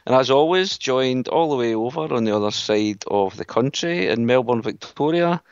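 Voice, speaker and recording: A man's voice: medium pitch, expressive, normal speed, clear, resonant tone, dry recording. A Scottish man hosting a casual podcast, chatty and friendly in his banter. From Scotland. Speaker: podcast host. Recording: dull lo-fi sound.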